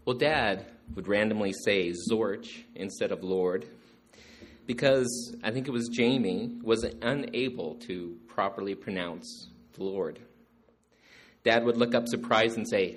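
A man telling stories about his father to a gathering, animated and acting out the jokes. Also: lowish voice, measured pace. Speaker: storyteller remembering his father. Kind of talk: storytelling to a gathering.

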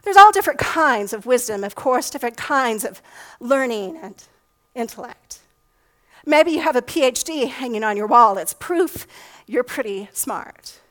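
Brief: middle-aged woman preacher with a high voice and a relaxed, conversational sermon delivery. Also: normal speed, rough recording. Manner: conversational, asks rhetorical questions. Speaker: pastor.

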